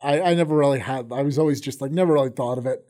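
A man's voice: medium pitch, very fast, warm tone. A young man co-hosting a podcast in casual chat, profane and loose, often trailing off and restarting his sentences. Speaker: podcast co-host.

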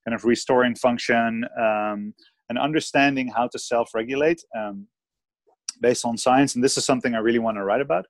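A man with a slight Dutch accent talks through his plans as a podcast guest, pausing often on fillers. His mid-range voice comes across dry and close, with no room sound. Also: mid-range voice, no room sound. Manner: thoughtful, hesitant, many fillers. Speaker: guest, author and breathing teacher. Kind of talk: casual interview chat.

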